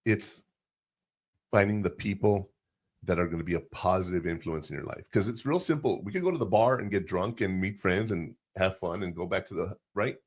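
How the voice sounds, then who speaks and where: A man's voice: low-pitched, moderate pace. A middle-aged man hosting a casual podcast, giving advice through rambling personal anecdotes. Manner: tells rambling personal anecdotes, acts out quotes. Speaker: podcast host.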